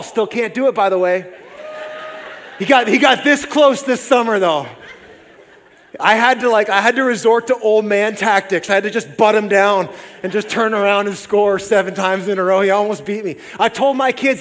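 High-voiced preacher man in a reverberant hall. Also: moderate pace. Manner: lively, conversational preaching with jokey asides. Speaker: pastor. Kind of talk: sermon. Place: church sanctuary. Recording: long reverb of a large hall.

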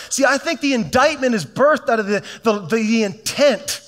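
Pastor, middle-aged man, very high voice, fervent conversational sermon delivery. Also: expressive, moderate pace, hardly any pauses. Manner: fervent, conversational preaching with restarts.

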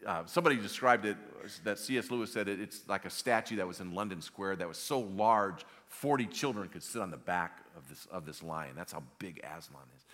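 Deep-voiced preacher telling a story. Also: male voice. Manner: animated, acting out the story, repeating words. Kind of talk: sermon storytelling. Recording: long hall reverb.

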